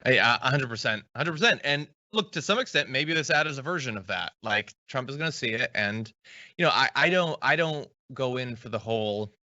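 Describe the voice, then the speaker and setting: Male host, bright tense voice, casual and wry, dry dull audio. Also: medium pitch, expressive, fairly quick, no room sound. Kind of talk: political commentary chat.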